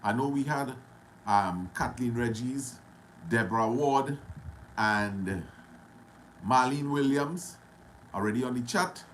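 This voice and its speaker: A man with a Trinidadian accent hosting a casual live stream, greeting viewers one by one and talking loudly. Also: medium pitch, slow pace, pauses often, noisy background. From Trinidad and Tobago. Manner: greets viewers by name, loud and friendly. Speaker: livestream host.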